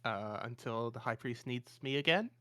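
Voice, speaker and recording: A man plays a jittery young assistant to a high priest in a tabletop game, tripping over his own words. The voice is smooth and clear. The recording is dry and close. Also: normal speed, fairly bright tone, dry recording, lightly acted. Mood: flustered. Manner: hesitant, stumbling with many "uh"s. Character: nervous young male assistant priest, flustered.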